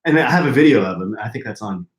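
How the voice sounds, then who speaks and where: A man chatting on a podcast, telling stories with a playful, joking edge. His pitch leaps and dips all over the place, and his voice carries a noticeable room echo. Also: fast talker, a crowd in the background. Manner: animated, jokey storytelling with big pitch jumps. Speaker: podcast co-host. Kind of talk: casual chat.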